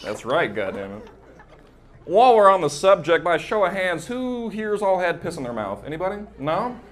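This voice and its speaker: A man's voice: high-pitched, very animated, normal speed, slight background noise. A young man performing a stand-up set on a club stage into a handheld mic, chatty and working the crowd with frequent "right?". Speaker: stand-up comedian.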